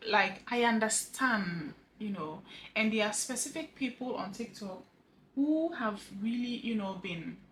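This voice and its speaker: Halting, earnest grieving woman. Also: mid-range voice, slight background noise, rough recording. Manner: halting, repeats words, earnest; voice drops soft at phrase ends. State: grieving widow, emotional. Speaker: vlogger sharing a personal story. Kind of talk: heartfelt personal vlog monologue.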